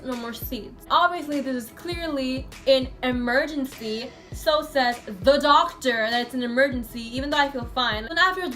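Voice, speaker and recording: This vlogger, an American woman, has a high-sitting voice with a fairly bright tone. She tells a personal story casually, wandering and chatty, and keeps dropping the filler "like."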